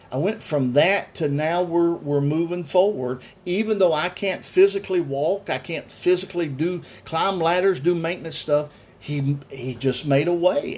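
A man's voice: on the high side, a little mellow. A man in his forties, a pastor earnestly telling a personal story during a Bible study. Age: 40s.

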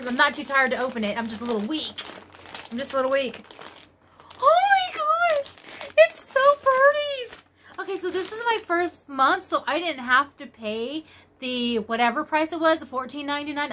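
A woman chatting casually as she unboxes yarn, gushing and exclaiming, her voice jumping high when she gets excited. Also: fairly quick, a little hiss or hum. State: tired after work. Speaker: crochet vlogger.

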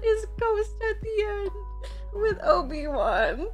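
A woman's voice: very high-pitched, sing-song, takes it slowly, faint music behind. A woman hosting a movie reaction video, talking in an effusive, emotional way with lots of "like". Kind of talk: casual reaction commentary.

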